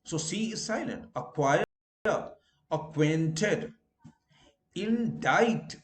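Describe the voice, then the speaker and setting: In an echoey room, an Indian man speaking Indian-accented English leads a recorded pronunciation lesson. His fairly high, expressive voice draws out every example word with slow, deliberate care.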